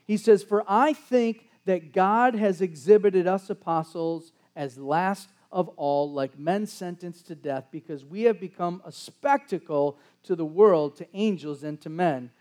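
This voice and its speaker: A man's voice: high voice, unhurried, few pauses, a little mellow. A man preaching a sermon as pastor, conversational, with sarcastic asides and frequent restarts.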